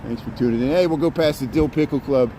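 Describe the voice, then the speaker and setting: A man's voice: medium pitch, fast, mellow, a little hiss or hum. A man chatting casually to his live-stream viewers as he walks outdoors through city streets, rambling and reading out their comments. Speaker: live-streaming walking vlogger.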